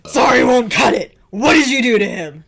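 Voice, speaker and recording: A woman voicing a furious young man who shouts angrily at someone. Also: fairly high pitch, animated, moderate pace, vocal fry, breathy edge, voice pushed up, full character voice. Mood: furious shouting.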